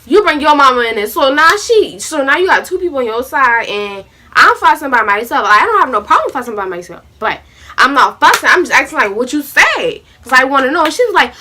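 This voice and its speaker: Young female vlogger, lively swooping delivery, acts out every side of the drama. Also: high voice, a little fast. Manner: animated storytelling, voicing both sides of an argument. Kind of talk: storytime vlog.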